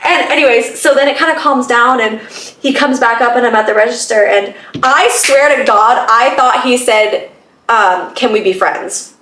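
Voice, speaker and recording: A young woman with a fairly high voice tells a personal story in a loose, chatty podcast style, swearing freely and laughing out loud. She sits a bit back from the mic, and the room around her echoes. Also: normal speed, distant mic. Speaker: podcast host. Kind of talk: casual storytelling.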